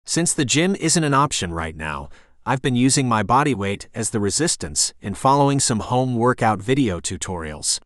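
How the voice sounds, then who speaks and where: A man voicing a laid-back, muscular young man who talks in a relaxed, wry, teasing way. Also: mid-range voice, moderate pace, dry recording, clean studio sound.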